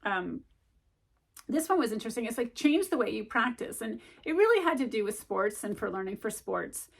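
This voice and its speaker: A woman's voice: on the high side, very animated, normal speed, gravelly, breathy edge. A middle-aged woman chatting casually to camera as a vlogger, rambling with lots of ums and likes as she gives study tips.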